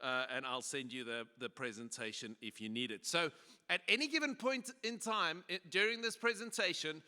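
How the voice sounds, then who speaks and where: A man's voice: a little high, normal speed, sharp tone, clear, resonant tone. A South African man who pastors a church, giving a joking conference talk with lots of fillers and restarts. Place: large conference hall. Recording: echoey hall PA.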